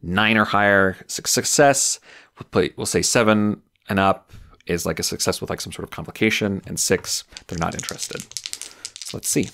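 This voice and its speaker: A man's voice: low voice, normal speed, creaky, fairly bright tone. A man running a solo tabletop game, musing aloud with loose, filler-heavy narration. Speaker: game master.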